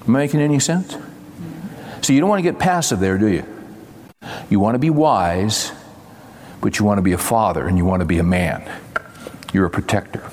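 A man's voice: lowish voice, lively intonation, brisk, long pauses, a little mellow, a little hiss or hum. An older man preaching a sermon in a folksy, conversational way, acting out bits of dialogue. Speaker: pastor. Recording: long reverb of a large hall.

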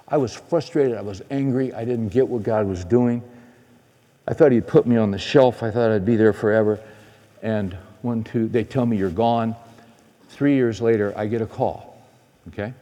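A middle-aged male preacher tells a story in a sermon, his voice mellow and a little husky. He swings between excited bursts and hushed, quiet moments. The sound rings with the long reverb of a large hall. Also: mid-range voice. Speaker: preacher and men's conference speaker.

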